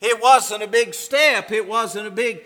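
A man's voice: high-pitched, a little slow, sharp tone, long reverb tail. A man preaching a sermon as pastor, fervent and repeating his phrases for emphasis.

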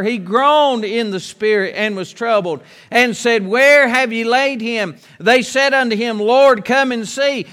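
A man preaching a sermon in an earnest way, repeating key phrases with slow, weighty pauses. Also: very high voice, a bit bright, big-room sound.

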